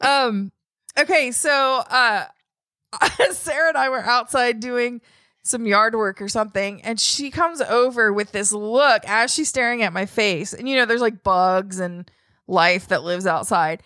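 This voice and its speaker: A woman's voice: a little high, a little slow, no room sound. A woman co-hosting a podcast, telling stories in casual chat and acting out the lines of other people. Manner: animated storyteller, acts out quotes. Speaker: podcast co-host.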